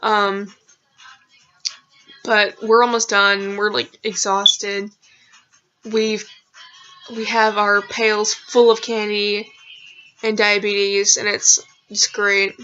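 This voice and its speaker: A woman's voice: medium pitch, level tone, very slow, long pauses, sharp tone. A young woman vlogger rambling through embarrassing personal stories, full of fillers and casual swearing. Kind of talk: casual storytelling. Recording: lo-fi dull sound.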